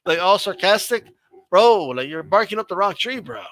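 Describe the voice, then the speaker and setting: Brief: high-pitched man, bright edge, dry close mic, loose slangy stream host. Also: moderate pace, no echo. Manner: animated, swearing, laughing, slangy. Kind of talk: casual boxing chat on a livestream.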